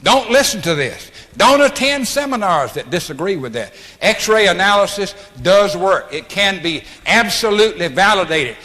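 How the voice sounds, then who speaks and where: A man's voice: sits high, big pitch swings, normal speed, hardly any pauses, bright, forceful tone. A man giving an emphatic, blunt motivational lecture at an orientation, recorded in a large hall. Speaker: speaker at an orientation. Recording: archival hall recording with long reverb.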